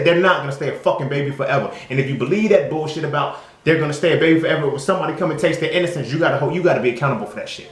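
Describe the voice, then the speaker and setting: This vlogger talks rapid-fire in a voice on the high side, barely pausing as he rattles off a profane, casual opinion piece. Emphatic and conversational, he keeps checking "you feel me?" in an echoey room.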